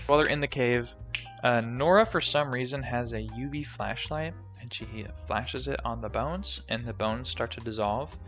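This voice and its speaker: A man's voice: medium pitch, normal speed, a bit bright. A young man recapping a movie plot in a casual, jokey, rambling way with lots of fillers. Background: faint background music.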